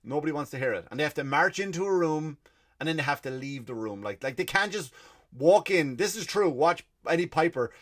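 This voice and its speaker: A man's voice: on the high side, brisk. An Irish man hosting a comedy podcast, telling stories in a swearing, ranting way. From Ireland. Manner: profane, ranting, animated. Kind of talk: comic rant and storytelling.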